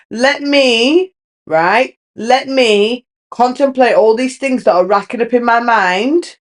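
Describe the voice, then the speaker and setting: A woman's voice: on the high side, slow pace. A young woman, hosting her own podcast, talking candidly and rambling with many restarts. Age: young adult. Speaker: podcast host. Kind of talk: casual solo chat.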